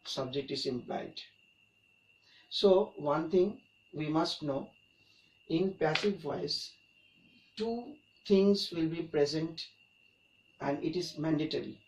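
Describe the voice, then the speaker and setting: A man's voice: on the high side, slow pace, pauses often, a little mellow. A man teaching an English grammar lesson, explaining each point and repeating it for emphasis. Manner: repetitive, emphatic explaining with restarts. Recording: echoey room, mic at a distance, faint background noise.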